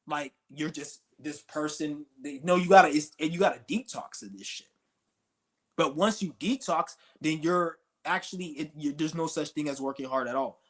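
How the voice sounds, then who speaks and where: A man streaming a profane, confrontational ranting monologue, insulting his listeners as he goes. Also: fairly high pitch.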